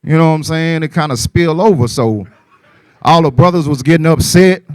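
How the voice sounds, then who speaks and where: Man, stand-up comedian, casual storytelling, crowd asides, higher voice, dry close sound. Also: normal speed, darkish tone, no room sound. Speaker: comedian and emcee.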